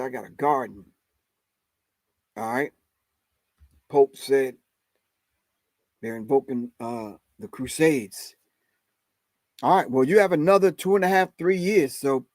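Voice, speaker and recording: A man's voice: fairly high pitch, normal speed, pauses often, darkish tone, no room sound. A middle-aged man hosting a live stream, giving emphatic, preachy commentary and calling his audience family. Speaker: host.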